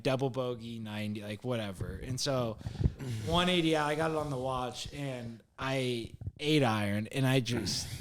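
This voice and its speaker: A young man co-hosting a podcast, telling long stories in animated, profane casual chat packed with "like". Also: medium pitch, slight background noise. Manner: animated, profane storytelling full of "like". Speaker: podcast co-host.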